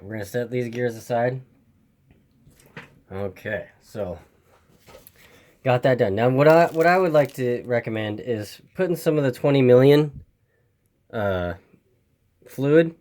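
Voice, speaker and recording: With a somewhat mellow, low-leaning voice, a man hosting an RC hobby video offers a casual repair walkthrough for an RC car, step by step. He tends to ramble and repeat instructions, apologizes for the camera, and his voice is wearing out.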